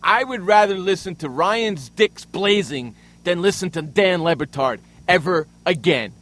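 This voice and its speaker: A man hosting a sports radio show, ranting angrily and loudly with plenty of profanity. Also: high voice, animated, measured pace. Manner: loud, angry, profane ranting. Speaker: radio host. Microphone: studio microphone.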